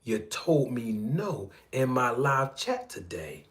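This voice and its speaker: A man hosting casual boxing commentary for his viewers, teasing and playful, telling stories with sudden loud and soft swings. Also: medium pitch, sing-song, takes it slowly.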